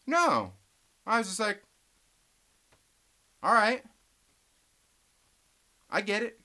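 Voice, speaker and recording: Profane bright-voiced man ranting on stream. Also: high voice, big pitch swings, extremely slow, pauses often. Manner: profane, laughing, reading chat aloud. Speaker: live stream host. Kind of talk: casual live stream rant.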